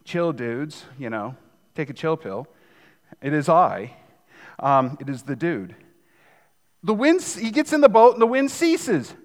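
A man's voice: fairly high pitch, expressive, normal speed, in a large hall. A man in his fifties preaching a sermon as pastor, in a conversational, joking manner. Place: church sanctuary.

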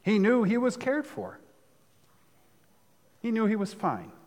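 A man's voice: sits high, huge pitch swings, takes it slowly, a little mellow, big-room sound. A man preaching a sermon, talking conversationally with asides. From United States. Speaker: pastor.

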